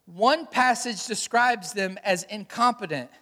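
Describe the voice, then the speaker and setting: A man's voice: high-pitched, measured pace. A man preaching a sermon as a pastor, telling stories and asking the congregation questions. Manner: storytelling, animated, asks the congregation questions. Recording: long hall reverb.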